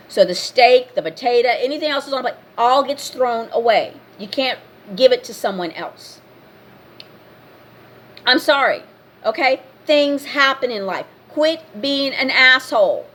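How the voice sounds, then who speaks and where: A woman's voice: on the high side, a bit bright. A woman vlogger in a casual rant to camera, blunt and scolding, repeating her points.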